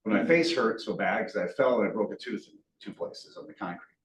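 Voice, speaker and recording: A man's voice: lowish voice, fairly quick. Man, motivational speaker type, earnest storytelling with folksy humor, heard from a distance in an echoey room. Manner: earnest, animated, folksy with self-deprecating humor. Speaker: guest speaker. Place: meeting room. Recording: echoey room, distant mic, faint hiss.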